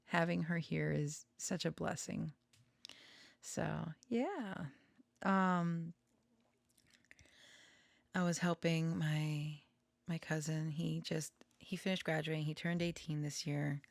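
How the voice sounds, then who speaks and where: A woman's voice: deep voice, fairly even intonation, slow pace, gravelly, long pauses, dry recording. A young woman hosting a casual, rambling chat, laughing often and sometimes dropping to a whisper. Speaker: podcast host.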